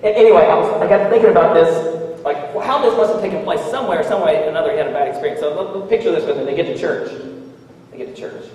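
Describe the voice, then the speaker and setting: High-voiced man preaching in an echoey hall. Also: very fast, far from the mic, a little hiss or hum. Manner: animated, acts out quoted voices, chuckles while talking. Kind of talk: storytelling sermon.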